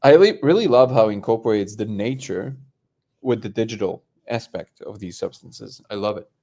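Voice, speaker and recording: A man with a fairly low voice hosts a casual livestream, chatting loosely with plenty of fillers and false starts. He now and then wanders away from the microphone, so his voice comes and goes in strength. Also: expressive, moderate pace, warm tone. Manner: rambling, hesitant, many fillers and restarts. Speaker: livestream host. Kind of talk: casual live chat.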